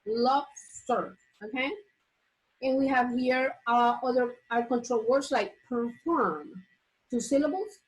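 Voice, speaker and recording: A woman with a high voice teaches an online English class. She explains step by step, repeating words and pausing on fillers. She is heard through a computer mic on a video call. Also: rough recording.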